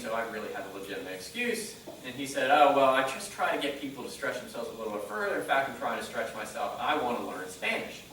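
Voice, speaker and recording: A man giving a motivational talk on stage, telling stories and acting out conversations in a lively way. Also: mid-range voice, a little hiss or hum. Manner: animated storyteller quoting dialogue. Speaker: motivational speaker. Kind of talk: live presentation storytelling. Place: conference room. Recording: echoey hall mic from a distance.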